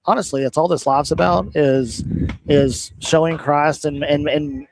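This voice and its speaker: A man's voice: fairly high pitch, steady tone, measured pace, creaky, darkish tone, no echo, low-quality recording. A man, a judge guesting on a radio show outdoors, speaking modestly and hedging his answers. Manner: modest, hedging, plain-spoken. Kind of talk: casual radio interview. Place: outdoors at a shooting range.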